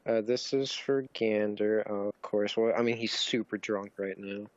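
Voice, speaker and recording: A young man narrating a tabletop game as game master, rambling and halting with many fillers. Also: on the low side, fairly even intonation, no room sound. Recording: dull lo-fi mic with faint hiss.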